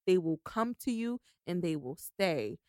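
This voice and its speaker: A woman co-hosts a podcast in casual chat, talking in excitable bursts that jump loud. Her voice is smooth and clear, and the recording is dry and close. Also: fairly low pitch, measured pace, no room sound. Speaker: podcast co-host.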